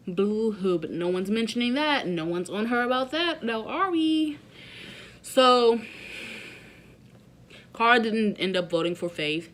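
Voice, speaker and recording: A woman's voice: mid-range voice, fairly bright tone. Sassy young woman recapping reality TV. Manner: sassy, opinionated, slangy. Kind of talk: casual reaction recap.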